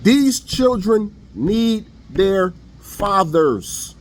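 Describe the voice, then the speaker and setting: A man's voice: sits high, big pitch swings, extremely slow. A man giving a blunt, preachy opinion monologue online in casual slang. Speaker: online commentator.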